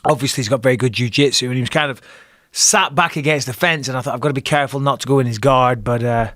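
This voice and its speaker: A man's voice: medium pitch, quick pace, fairly bright tone, no echo, studio quality. A middle-aged man from England with an English accent, telling a fight story in casual talk, swearing and acting out his own lines. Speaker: guest, retired fighter.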